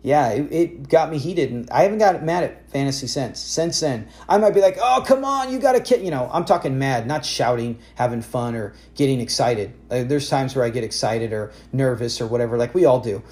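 A man in his forties hosting a casual fantasy football talk show, telling stories in an animated way with lots of self-corrections. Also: mid-range voice, moderate pace, hardly any pauses. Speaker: podcast host.

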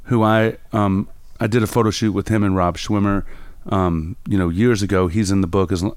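A man's voice: fairly low pitch, fairly even intonation, normal speed, clear, resonant tone, no room sound. A man, a photographer guest, telling rambling anecdotes in casual conversation with many fillers. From New York. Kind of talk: casual storytelling interview.

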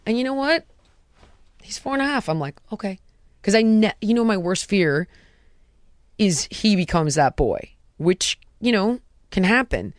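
A woman's voice: low voice, no echo. Woman host telling a story in a dry room. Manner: animated retelling, drops to a soft hush for quotes. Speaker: podcast host. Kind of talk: casual storytelling chat.

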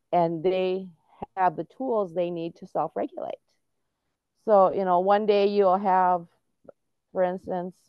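A middle-aged woman talks earnestly, explaining step by step with many restarts. Her voice sits low, and the recording is muffled and lo-fi. The sound is dry, with no room echo. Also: clean tone. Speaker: guest, autism and veterans advocate. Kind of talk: casual interview talk.

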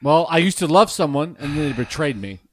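A man co-hosting a comedy podcast, crude and teasing with quick quips. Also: on the high side, lively intonation, no room sound, studio quality. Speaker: podcast co-host. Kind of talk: casual comedy banter.

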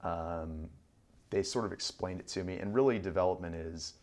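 A man in his thirties telling stories in a relaxed interview, rambling, with frequent ums and restarts. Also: deep voice, normal speed. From Southern Illinois. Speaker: guest. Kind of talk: conversational podcast interview.

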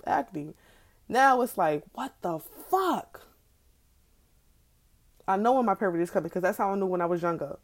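A woman's voice: on the low side, darkish tone. A young woman, ranting candidly and with plenty of profanity about her own experiences in a casual vlog. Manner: candid, profane, exasperated storytelling with slangy asides. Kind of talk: casual personal vlog rant.

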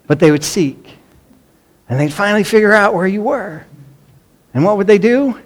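A man's voice: sits high, moderate pace, pauses often, a little hiss or hum. A middle-aged man preaching a sermon, telling stories animatedly and mimicking children's pleading voices. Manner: animated storytelling, acts out pleading children in a raised voice. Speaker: pastor.

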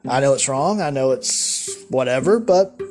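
A man's voice: medium pitch, lively intonation, measured pace, darkish tone, soft background music. A man delivering a solo podcast monologue, ranting in a rambling, profane way with lots of restarts. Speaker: podcast host.

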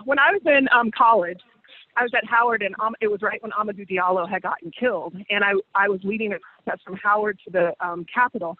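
A woman in her forties telling stories with animated, colloquial energy, laughing often, on a call. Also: medium pitch, quick pace. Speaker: co-host. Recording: muffled phone line.

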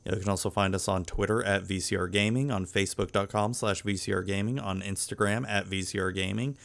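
Male podcast co-host, relaxed gaming chat, low voice with lots of vocal fry. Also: brisk.

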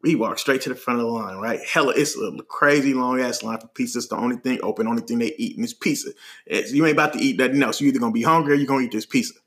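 A man from Oakland with a Bay Area accent, telling a story on a podcast in an animated, slangy way, laughing often as he talks. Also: medium pitch, very fast. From Oakland, California. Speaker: podcast host. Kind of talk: casual storytelling.

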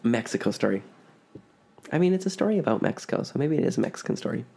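Gravelly-voiced man in his thirties, rambling. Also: a little high, animated, rapid-fire, warm tone. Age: 30s. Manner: rambling, self-mocking, laughs often. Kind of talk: casual storytelling chat.

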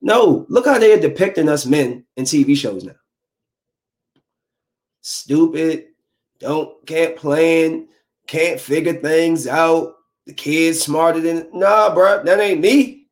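A young adult man in a casual, preachy rant of dating advice, slangy and animated, slipping into quick mock voices. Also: fairly high pitch. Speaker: vlogger giving dating advice.

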